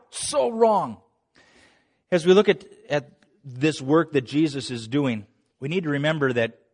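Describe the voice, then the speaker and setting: A middle-aged man preaching a sermon, lively and dramatic, acting out quoted lines with big rises and falls in his voice. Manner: animated, acts out quoted voices with big pitch swings.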